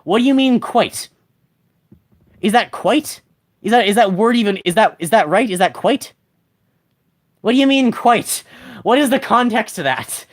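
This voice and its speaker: Lively rambling game streamer. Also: mid-range voice, unhurried, pauses often. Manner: rambling, restarts, reads chat aloud. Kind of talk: casual live-stream chat.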